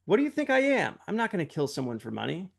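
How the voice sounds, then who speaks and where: A man's voice: high voice, huge pitch swings, fast talker, gravelly, breathy edge, pitched above the performer's own voice, full character voice. A man reading aloud the lines of a frustrated, angry man with memory loss from a screenplay. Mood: indignant. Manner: reads lines plainly from script.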